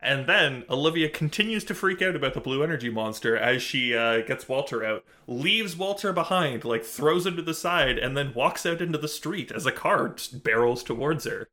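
A man's voice: mid-range voice, animated, moderate pace, few pauses, pushed and bright. A man co-hosting a podcast, recapping a show's plot in casual chat, easily exasperated and working through fillers and restarts. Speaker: podcast co-host recapping episodes.

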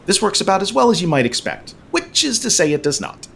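A man's voice: sits high, very animated, fairly quick, gravelly, a bit bright. A man hosting a podcast, recapping a movie in a casual, sarcastic, joking way with frequent swearing. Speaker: podcast host.

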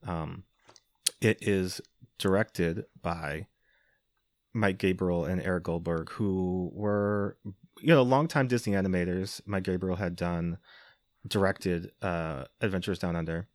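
A man's voice: low-pitched, a little slow, dry recording. A man hosting a podcast, recapping a movie in a wry, casual way with lots of fillers and chuckles. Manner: wry, laughing, filler-heavy. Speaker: podcast host.

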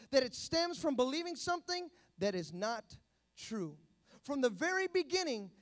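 A male pastor preaching a sermon, emphatic and building to loud exhortations. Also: very high voice.

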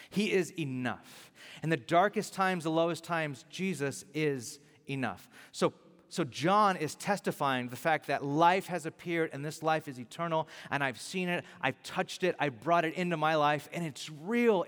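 A male pastor preaching a sermon, animated and emphatic, repeating key lines for weight. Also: on the high side, in a large hall.

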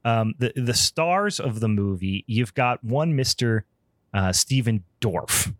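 A man's voice: medium pitch, expressive, takes it slowly, no echo, studio quality. A man hosting a podcast in casual chat, rambling and profane with frequent ums. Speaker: podcast host.

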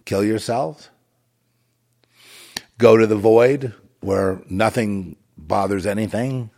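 A man's voice: on the low side, slow pace, gravelly, darkish tone. A man delivering a rambling, moralizing monologue with a sardonic, digressive way of talking.

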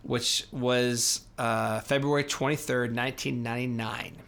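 A man's voice: medium pitch, steady tone, measured pace, gravelly, fairly bright tone, slight background noise. A man co-hosting a casual faith podcast, talking reflectively and sharing stories. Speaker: co-host.

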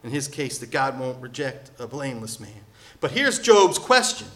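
A male pastor delivering a sermon, lively and sarcastic, acting out the people he quotes. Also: mid-range voice, moderate pace. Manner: animated, sarcastic asides, acts out quoted voices.

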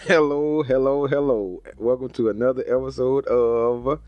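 A man's voice: mid-range voice, fairly even intonation, moderate pace, darkish tone, dry recording, soft background music. A man co-hosting a podcast, trading playful, teasing banter. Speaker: podcast co-host.

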